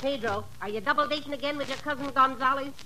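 A woman's voice: high-pitched, fast, very noisy, natural voice. A woman playing a poised, proper woman friend, polite and composed, in 1940s radio comedy style.

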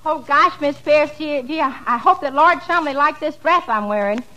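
A woman's voice: high voice, a little fast, bright, forceful tone, poor audio. A woman playing a giggly, naive young country woman with a folksy manner, in 1940s radio comedy style. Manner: folksy, wide-eyed, giggly.

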